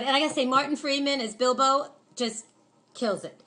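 A woman's voice: on the high side, fairly quick, bright, forceful tone. A chatty woman hosting a casual film review, rambling with many fillers and gushing with enthusiasm. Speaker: film reviewer, show host.

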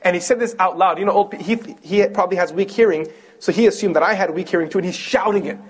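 A young man from Kentucky giving an animated religious lecture, telling stories and asking the audience questions. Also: high voice, fast, slightly rough. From Kentucky, USA. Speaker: Islamic lecturer.

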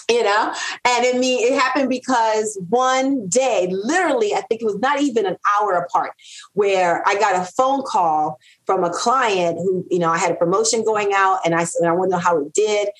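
A middle-aged woman whose first language is not English, speaking as a guest copywriter in a casual interview, animated and repeating phrases for emphasis. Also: mid-range voice, low-quality recording.

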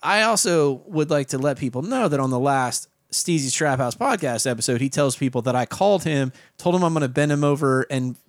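A man's voice: medium pitch, fairly quick, few pauses, no echo, studio quality. A man talking as a podcast guest in casual chat, a rambling storyteller who swears freely. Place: home podcast setup.

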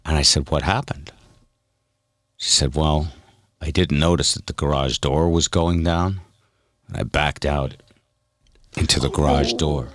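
A man co-hosting a podcast, telling stories in a casual, animated, self-mocking way. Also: very deep voice, measured pace, pauses often, no room sound, clean studio sound. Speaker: podcast co-host. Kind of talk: casual storytelling chat.

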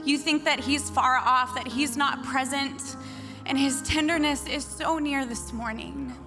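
A woman from Washington State speaking at a church service, praying and then chatting in an expressive, emotional way. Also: high voice, unhurried, music in the background. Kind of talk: prayer and sermon talk.

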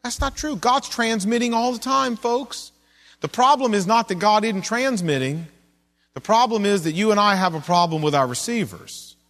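High-voiced preacher in a reverberant hall. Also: male voice, normal speed, a bit bright. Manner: conversational preaching with rhetorical questions. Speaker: pastor. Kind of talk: sermon.

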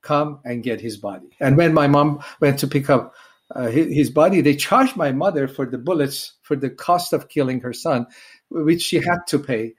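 Earnest man from Iran, higher voice. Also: normal speed, breathy edge. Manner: earnest, emotional storytelling with acted prayers. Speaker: evangelist guest. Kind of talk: testimony in an interview.

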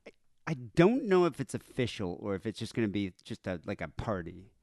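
A man in his thirties, raised in South Africa, spins animated stories on a podcast and keeps restarting his sentences. His pitch swoops up and down freely. The sound is dry and close, with no room behind him. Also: a little fast, dry recording. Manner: animated storyteller, frequent restarts. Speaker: podcast co-host. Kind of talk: casual chat.

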